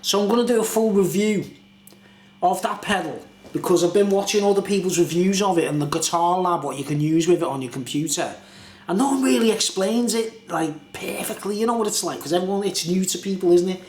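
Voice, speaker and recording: A man's voice: high voice, a little fast, darkish tone. Rambling British man in an echoey room. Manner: rambling, chatty, keeps asking "you know what I mean?". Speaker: YouTuber reviewing beer. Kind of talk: casual chatty vlog.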